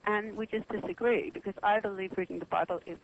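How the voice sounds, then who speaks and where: A woman guest on a radio talk show telling a religious history story in an earnest, halting way with many pauses. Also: medium pitch, fairly even intonation, lo-fi sound, slight background noise.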